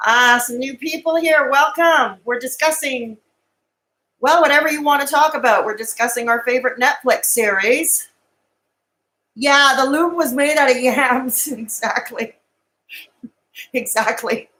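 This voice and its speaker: A woman's voice: sits high, a little slow, bright, forceful tone, poor audio. A woman hosting a live stream, chatting casually and giggling as she rambles and answers comments.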